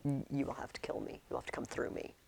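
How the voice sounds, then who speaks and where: A woman's voice: very deep voice, flat delivery, quick pace, gravelly, a little mellow, slight background noise, pitched below the performer's own voice, exaggerated voice. A woman voicing a stern, fiercely loyal older female servant, threatening anyone who comes near her charge. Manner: threatening, protective.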